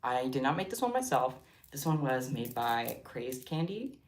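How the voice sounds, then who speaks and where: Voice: medium pitch, very animated, moderate pace. A livestream host chatting casually while crafting, giggly and rambling off on tangents. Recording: roomy echo.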